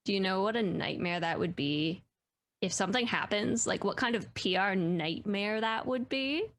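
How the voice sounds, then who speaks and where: A woman's voice: medium pitch, normal speed, a bit bright, lightly acted. A woman voicing a fussy, chattering female talent manager.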